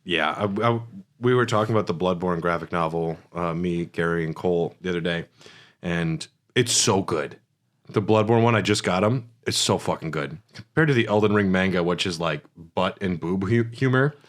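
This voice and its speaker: Low-voiced man in casual podcast banter. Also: normal speed. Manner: loose, profane, animated storytelling. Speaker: podcast co-host. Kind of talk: casual gaming podcast chat.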